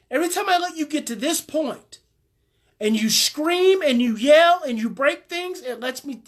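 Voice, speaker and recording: A woman parenting coach giving live advice, speaking emphatically and repeating her key points as she coaches listeners directly. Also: high-pitched.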